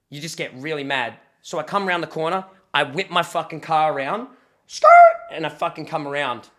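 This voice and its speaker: Animated, bright-voiced young man swearing freely. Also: fairly high pitch. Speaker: streamer reacting to videos. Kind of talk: casual reaction commentary and storytelling.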